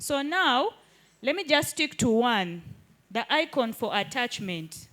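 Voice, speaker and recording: A woman's voice: on the high side, sing-song, slow, a bit bright. A woman teaching a live hands-on workshop in an indoor training room, keeps checking that the group follows. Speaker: digital skills trainer.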